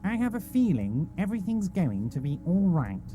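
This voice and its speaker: A woman's voice: on the low side, very animated, moderate pace, warm tone, slight background noise. A woman voicing an oily male union boss. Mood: smooth. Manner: oily, falsely reassuring. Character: smooth-talking male union boss, middle-aged. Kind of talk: voicing a game character with friends.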